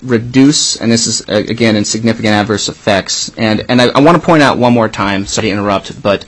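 Halting man walking through bill changes. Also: on the low side, poor audio. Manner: halting, many ums and restarts; methodical section-by-section walkthrough. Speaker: legislative staffer presenting bill changes. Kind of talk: committee hearing testimony.

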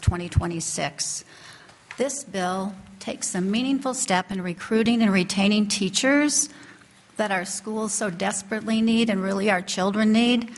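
A woman presents a bill to lawmakers in a steady, earnest voice. She reads prepared remarks with a formal, even delivery. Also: medium pitch. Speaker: bill sponsor, legislator.

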